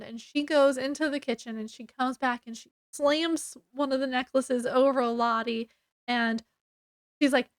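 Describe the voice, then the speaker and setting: A woman talks through a novel she has read, in a casual chatty way, with plenty of "um" and "like" and quick put-on quotes of the characters. Her voice sits high and she takes her time. The sound is dry and close, with no room around it. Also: dry recording. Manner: chatty, many fillers, acts out quotes. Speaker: book reviewer. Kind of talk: casual book review retelling.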